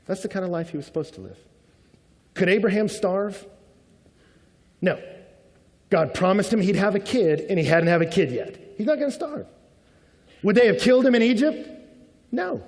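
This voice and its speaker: A man with a fairly high voice delivers a lively sermon in a big hall, and his words trail off into a long reverb. He talks casually and jokes as he goes, slipping into the voices of the people he quotes. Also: normal speed, long pauses. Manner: animated, acts out quoted voices, conversational humor. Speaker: pastor.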